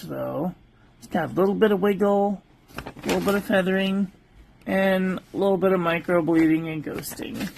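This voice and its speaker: With a high-pitched, creaky voice and a little hiss or hum behind it, a man reviews stationery casually during a livestream. He rattles off paper traits in short clipped phrases and chats with live viewers between items.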